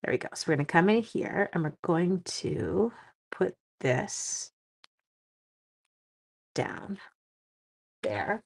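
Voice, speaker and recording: A middle-aged woman, chatting on a live stream while crafting, warm-hearted and getting teary. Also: lowish voice, very animated, takes it slowly, gravelly, long pauses, husky. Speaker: livestream crafting host.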